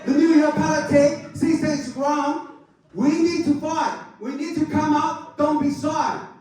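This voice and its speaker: A man's voice: very high-pitched, steady tone, a little slow, a little mellow, soft background music. A man who is a political candidate, giving an angry campaign speech at a club meeting in broken English, emphatic and asking the crowd to agree. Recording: echoey room, mic far off.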